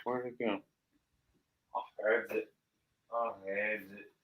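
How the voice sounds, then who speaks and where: A man co-hosting a live comic shopping stream, pitching books and games with animated asides. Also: slow, a little hiss or hum, low-quality recording. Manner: animated, acts out story voices. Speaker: co-host selling comics.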